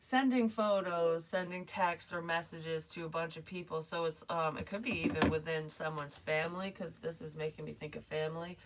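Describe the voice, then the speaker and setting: A woman with a somewhat low voice rambles loosely through a psychic reading, swearing freely and breaking into laughter. She sits a little back from the microphone, so her voice sounds slightly distant. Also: fairly even intonation, normal speed, few pauses, a little hiss or hum. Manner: rambling, profane, laughs often. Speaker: psychic medium doing card readings. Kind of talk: casual reading chat.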